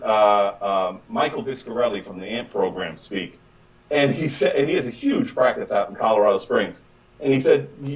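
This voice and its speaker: A man coaching on chiropractic business in an emphatic, conversational way, acting out patients and doctors in quick little voices. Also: medium pitch, recorded from a distance, dull audio. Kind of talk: animated conversational advice.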